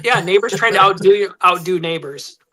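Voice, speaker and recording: A man's voice: sits high, a little fast, bright, forceful tone. A man, co-hosting a casual podcast and playfully teasing the others. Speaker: podcast co-host. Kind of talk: casual chat.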